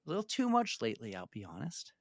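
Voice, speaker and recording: A man hosting a running podcast in casual chat, telling stories with lively acted-out bits. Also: medium pitch, quick pace, creaky, no echo, clean studio sound. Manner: animated storyteller who acts out his kid's yells. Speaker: podcast host.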